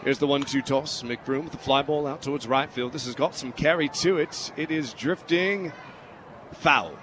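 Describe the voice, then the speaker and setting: A man's voice: medium pitch, normal speed. A man doing radio play-by-play of a baseball game in a playful put-on English accent. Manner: playful mock-British delivery. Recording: radio broadcast with loud background noise.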